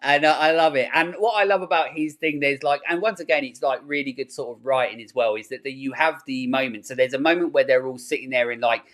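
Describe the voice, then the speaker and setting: A man hosting a podcast, chatting casually in a rambling, animated way and swearing freely. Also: mid-range voice, fast talker, few pauses. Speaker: podcast host. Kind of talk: casual chat.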